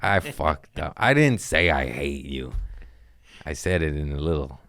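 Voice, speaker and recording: A young adult man, a comedian hosting a podcast, telling stories in an animated, profane, self-mocking way with quick laughs. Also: very deep voice, a little hiss or hum. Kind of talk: casual storytelling monologue.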